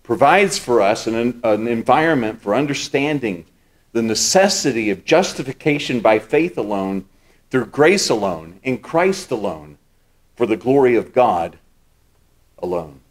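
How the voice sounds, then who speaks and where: A man's voice: mid-range voice, animated, a little slow. Emphatic male pastor preaching a sermon. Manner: emphatic, repeats key words for stress; teaching, explains scripture step by step.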